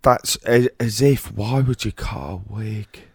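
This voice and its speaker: A man's voice: on the low side, a little slow, creaky, a little mellow, breathy edge, dry recording. A man with a Cockney accent co-hosting a casual banter podcast, dry, sceptical and teasing. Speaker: podcast co-host.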